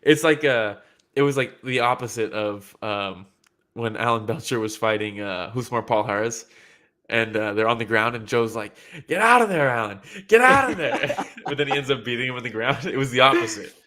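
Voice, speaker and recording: A man co-hosting a casual fight breakdown podcast, talking excitedly, laughing often and acting out what fighters said. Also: medium pitch, moderate pace. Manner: excited, laughing, acts out quotes, swears casually. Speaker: podcast co-host.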